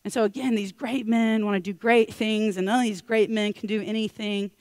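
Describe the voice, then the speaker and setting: Woman preacher, animated storyteller, casual slang, close dry mic. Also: mid-range voice, fairly quick, dry recording. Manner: lively storytelling, acting out characters with casual slang. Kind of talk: sermon. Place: church.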